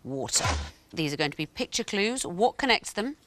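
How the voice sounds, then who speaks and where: A woman's voice: mid-range voice, big pitch swings, normal speed, background noise. A woman hosting a television quiz, explaining answers in a dry, explanatory way. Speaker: quiz show host.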